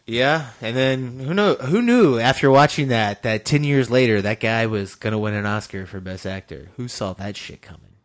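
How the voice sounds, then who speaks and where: This is a mid-pitched man hosting a casual film podcast. He is animated and blunt, drops the odd curse, and jumps between opinions. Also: moderate pace. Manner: animated, swears freely, opinionated. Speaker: podcast host and film editor. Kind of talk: casual chat.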